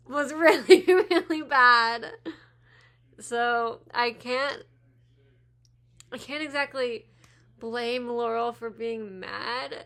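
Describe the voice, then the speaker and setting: A woman's voice: fairly high pitch, gravelly, a bit bright. A young adult woman giving casual blind reaction commentary on her channel, tired after a day at work, chatty and laughing often. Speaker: YouTube reaction vlogger.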